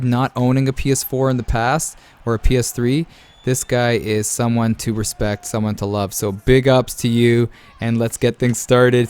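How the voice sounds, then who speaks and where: A man calling a video game fight with casual, hyped-up energy. He keeps talking straight to his viewers. His voice sits at a middling pitch. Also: darkish tone. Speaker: video game tournament commentator.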